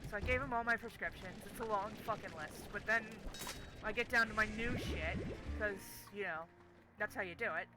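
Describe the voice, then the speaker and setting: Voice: medium pitch, moderate pace, background noise. A young adult game streamer telling a story casually while playing, swearing constantly in an exasperated rant.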